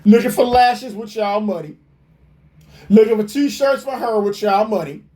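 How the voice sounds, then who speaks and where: A man's voice: sits high, measured pace, dark tone. A man giving profane reaction commentary, mocking and incredulous and swearing constantly.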